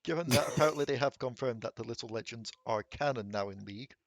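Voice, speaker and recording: A man as game master, narrating a tabletop game in steady, descriptive terms. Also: medium pitch, fast talker, no echo, clean studio sound.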